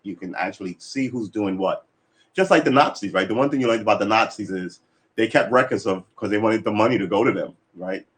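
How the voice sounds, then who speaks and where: A man's voice: fairly low pitch, a little fast, a bit bright. A man chatting casually on a livestream, rambling and swearing, acting out little quoted exchanges as he goes.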